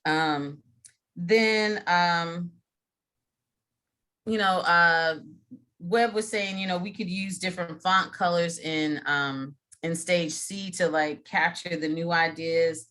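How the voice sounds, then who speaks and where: Brief: middle-aged woman trainer, bright tone, lowish voice, chatty with restarts, video call. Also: slow. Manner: chatty, frequent fillers and restarts. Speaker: mediation trainer. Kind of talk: casual training talk.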